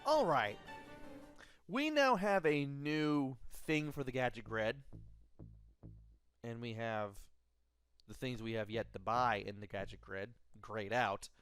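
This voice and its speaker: A man giving casual gameplay commentary as a let's play host. His pitch is ordinary and his delivery is steady and explanatory. Faint game music sits beneath his voice-over. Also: slow pace, long pauses.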